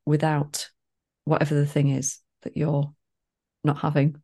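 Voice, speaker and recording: A woman's voice: deep voice, completely flat delivery, measured pace, warm tone, breathy edge. A middle-aged woman co-hosting a casual podcast, playful and teasing. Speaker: podcast co-host. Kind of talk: casual chat.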